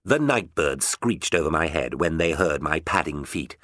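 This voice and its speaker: A man narrating an audiobook in an expressive storytelling manner. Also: a bass voice, normal speed, no echo, studio quality.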